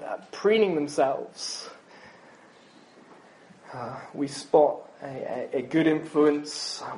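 A man's voice: on the high side, a little mellow, low-quality recording. Man preaching a chatty sermon. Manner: chatty, self-deprecating, frequent ums.

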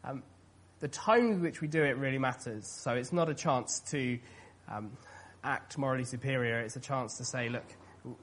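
A man's voice: mid-range voice, a bit bright. A man preaching a sermon in an earnest, conversational way, with many fillers. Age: adult, past his teens.

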